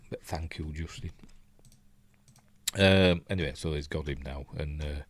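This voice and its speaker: A man's voice: very deep voice, sing-song, slow pace, pushed and bright. A Yorkshire man hosting a casual live film breakdown. He rambles, thinks aloud and reads out viewer comments. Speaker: film reviewer host.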